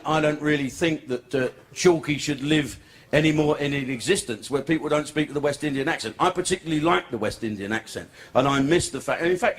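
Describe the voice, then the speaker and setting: An older man performing a crude, rambling, profane stand-up routine on a comedy club stage. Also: a little high. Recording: live club with crowd laughter.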